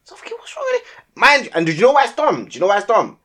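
A young man, telling a story in casual podcast chat and acting out his own shouted lines with lots of slang. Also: sits high, big pitch swings, racing. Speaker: podcast co-host.

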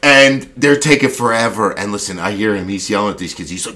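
A man hosting a casual chat over a video call, telling animated stories and acting out loud quotes with frequent laughter. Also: fairly low pitch, fairly quick, few pauses. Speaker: podcast host and youth football coach.

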